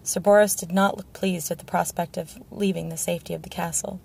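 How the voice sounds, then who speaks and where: Gravelly woman narrating an audiobook. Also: on the low side, steady tone, fairly quick, a little mellow. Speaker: audiobook reader.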